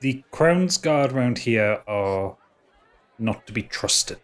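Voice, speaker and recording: A man voicing a wary, secretive female elven ranger in a tabletop game, in a blunt, low-key way. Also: lively intonation, takes it slowly, a faint crowd. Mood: guarded.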